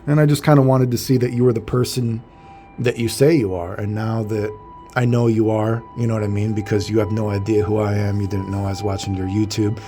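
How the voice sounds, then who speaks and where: A man's voice: fairly low pitch, steady tone, fairly quick, warm tone, soft background music. A man talking casually to his viewers in a rambling monologue, swearing freely and retelling his arguments with "you know" and "I'm like" again and again. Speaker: vlogger.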